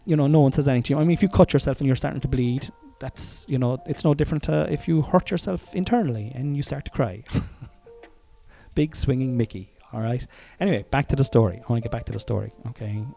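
A man with an Irish accent tells a story from his own life, casual and candid, swearing freely and chuckling between rambling asides. His voice is warm and mellow, at a mid pitch. Soft music plays faintly underneath. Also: gravelly. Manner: frank and profane, often chuckling, rambling asides. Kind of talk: casual personal storytelling monologue.

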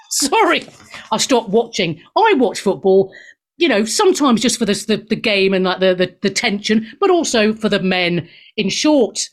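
A woman's voice: medium pitch, big pitch swings, moderate pace. A woman hosting a talk radio show, giving brash, irreverent opinions on the news with frequent laughter.

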